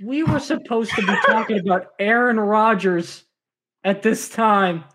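A man's voice: high-pitched, a little slow, a bit bright. A man co-hosting a casual sports podcast who drops dry, sarcastic quips. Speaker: podcast co-host.

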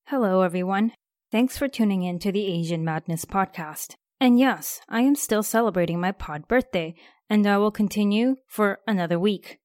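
A woman's voice: medium pitch, normal speed, a little mellow, no room sound, clean studio sound. A woman hosting her own podcast, chatting in an upbeat way to her listeners. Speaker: podcast host. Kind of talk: casual podcast talk.

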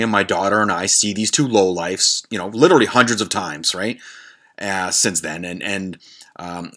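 A man in his forties tells a story in a blunt, profane, rambling way, like a podcast host talking off the cuff. His voice is bright and forceful. It sits at an ordinary middle pitch. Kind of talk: casual storytelling monologue.

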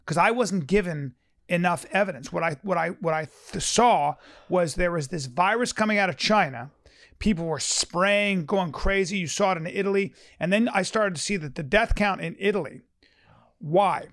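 A man with a high-pitched voice holds forth in a casual podcast chat. He is emphatic and profane, often stumbling over his sentence starts, and acts out other people's words as he talks. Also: normal speed, a bit bright. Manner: emphatic, profane, frequent restarts, acts out quotes.

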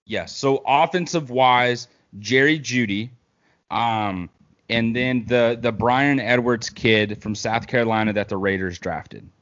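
A man's voice: mid-range voice, a little slow, lo-fi sound. Rambling man talking football. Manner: relaxed, rambling, with fillers. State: hiccups. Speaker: podcast co-host. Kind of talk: casual sports talk.

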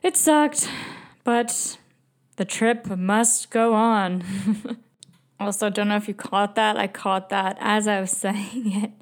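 A woman's voice: medium pitch, fairly even intonation, slow pace. A woman hosting a podcast, telling a travel story in a chatty, emotional, self-mocking way, laughing often and filling her talk with "like.". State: migraine, speech slipping. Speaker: podcast host. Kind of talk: casual storytelling monologue.

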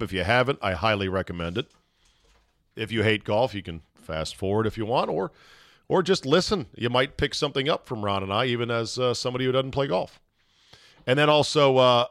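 A man's voice: medium pitch, a bit bright, dry recording, studio quality. A middle-aged man hosting his own podcast, talking casually and self-deprecatingly, sometimes acting out little bits of dialogue. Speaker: podcast host. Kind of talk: casual monologue.

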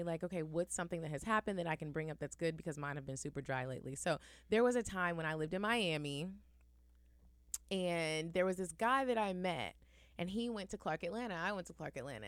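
A woman's voice: lowish voice, no room sound. A woman co-hosting a podcast, telling a story in a casual, profane way and acting out the people in it. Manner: animated, profane, acts out the people in her stories. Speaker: podcast co-host.

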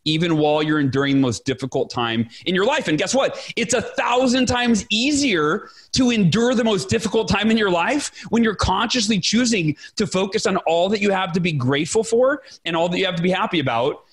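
A man in his forties, a guest author telling his story in a podcast interview with emphatic, animated delivery. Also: high voice, fairly quick, hardly any pauses, breathy edge. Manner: animated, emphatic, acts out quoted dialogue.

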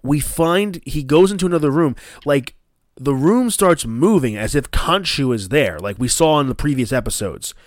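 A man hosting a casual chat, excitedly recapping an episode and swearing as he acts out scenes in a raised voice. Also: a little high, moderate pace, no echo, studio quality. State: coughing. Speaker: podcast host.

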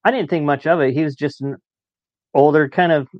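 A man's voice: fairly high pitch, steady tone, fairly quick, no room sound. A man in his late forties, a podcast guest telling stories in a chatty way and laughing as he talks. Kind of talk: casual storytelling. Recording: dull muffled dry sound.

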